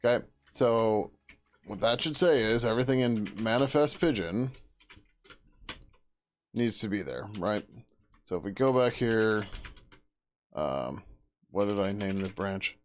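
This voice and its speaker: A man's voice: fairly low pitch, lively intonation, measured pace, pauses often. A man thinking aloud as he works through code on a live stream, muttering to himself, trailing off and swearing casually. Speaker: software developer streaming his work.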